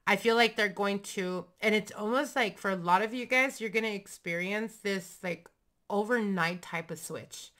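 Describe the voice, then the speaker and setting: A woman's voice: mid-range voice, moderate pace, fairly bright tone. A young adult woman giving a casual, chatty tarot reading, talking frankly and swearing now and then. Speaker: tarot reader.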